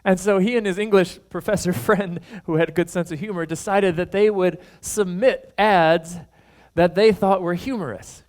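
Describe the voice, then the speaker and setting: A man preaching a sermon, spinning a story with animated delivery. He slips into the voices of the people he quotes and chuckles as he goes. His speaking voice sits a little high for a man. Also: normal speed. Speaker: pastor.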